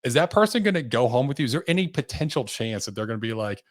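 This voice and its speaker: A man's voice: medium pitch, very animated, fast talker, no room sound, clean studio sound. A man hosting a podcast, chatting casually and agreeing with enthusiasm. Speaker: podcast host.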